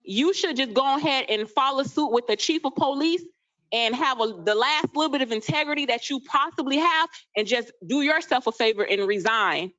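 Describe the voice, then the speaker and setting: A woman's voice: high voice, fairly bright tone. A woman giving an angry public comment at a council meeting, accusing and confrontational. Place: city council chamber. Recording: dull lo-fi meeting audio.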